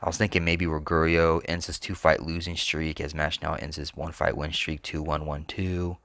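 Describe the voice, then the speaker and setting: Very deep-voiced man thinking aloud. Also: little pitch movement, moderate pace, vocal fry, fairly bright tone, no echo. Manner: thinks aloud, hesitant, trails off often. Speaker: sports picks channel host. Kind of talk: casual solo commentary.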